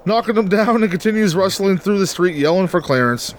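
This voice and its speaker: A man's voice: sits high, animated, fairly quick, noisy background. A man narrating a crude comedic script read-through, ad-libbing rude jokes, laughing and stumbling over words.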